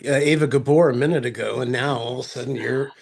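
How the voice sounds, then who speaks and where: Gravelly guy co-hosting, teasing his buddy, laid back chat. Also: mid-range voice, steady tone, fast talker, a little mellow. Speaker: podcast co-host. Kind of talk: casual podcast chat.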